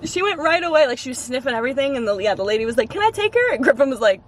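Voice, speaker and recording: A young woman vlogger telling stories casually from a car, animated and laughing often, acting out what people said. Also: high-pitched, rapid-fire. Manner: animated storyteller, laughs often, acts out quotes. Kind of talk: casual vlog chat in a car. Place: inside a car. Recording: car interior with clear road noise. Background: road noise.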